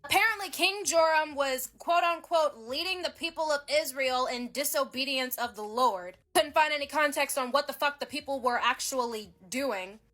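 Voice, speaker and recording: A woman's voice: high-pitched, sharp tone. A woman hosting her own Bible-critique series, talking casually with sarcasm, exasperation and heavy swearing. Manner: ex-Christian skeptic. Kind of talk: casual profane commentary.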